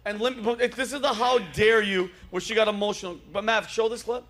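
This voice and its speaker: A man's voice: high voice, fast talker, fairly bright tone. A man hosting a casual comedy chat show, ranting animatedly and swearing freely. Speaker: host.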